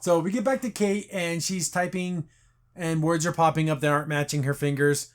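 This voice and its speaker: A man's voice: fairly high pitch, fairly even intonation, normal speed. A man hosting a casual review podcast, animatedly retelling scenes and acting out the characters' lines. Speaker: podcast host.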